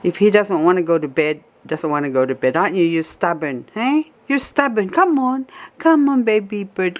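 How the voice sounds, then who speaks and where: A woman's voice: lowish voice, lively intonation, normal speed. A woman at home, talking baby talk to her pet bird in a cooing, sing-song, coaxing way. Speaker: pet owner.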